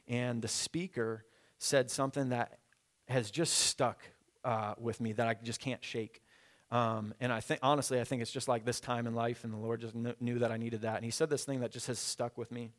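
A man's voice: mid-range voice, fairly even intonation, moderate pace. A young man preaching a sermon as a pastor, in a casual conversational way with frequent fillers. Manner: conversational, many fillers, leads congregation in repeating a verse.

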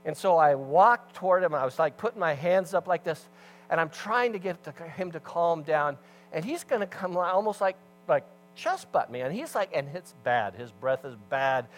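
Animated storytelling pastor, higher male voice. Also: moderate pace, rough recording. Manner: animated storyteller, swings between loud emphasis and hushed asides. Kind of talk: sermon with storytelling.

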